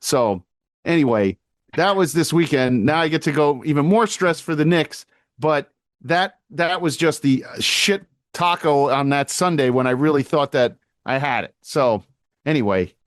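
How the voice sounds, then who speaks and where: A man co-hosting a podcast in casual chat, telling stories in an animated way and swearing freely. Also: a little high, a little slow, no room sound, studio quality. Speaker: podcast co-host.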